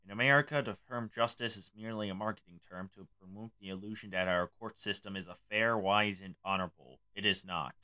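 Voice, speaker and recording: A man's voice: lowish voice, fast talker, hardly any pauses, pushed and bright, clean tone. A man hosting his own show in casual livestream chat, rambling and offhand, sometimes stumbling over his words. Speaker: host.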